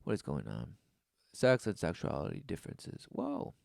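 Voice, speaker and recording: A man's voice: a bass voice, wildly swooping pitch, moderate pace, creaky, no echo, clean studio sound. A man giving preaching commentary, reading passages aloud and answering them with sarcastic, mocking remarks. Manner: reads study text aloud, then scoffs.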